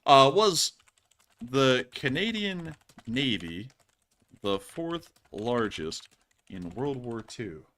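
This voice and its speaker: Young guy hosting a stream, bright voice, rambly and excitable. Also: drawn-out words. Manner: excitable, laughs and breaks into high yelps. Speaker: host. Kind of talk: casual live-stream chat.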